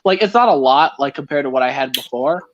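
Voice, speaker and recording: A man's voice: mid-range voice, quick pace. A young man chatting casually on a live stream, rambling and poking fun at himself as he tells stories. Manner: rambling, self-mocking, animated storytelling. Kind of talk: casual chat. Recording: muffled lo-fi call audio.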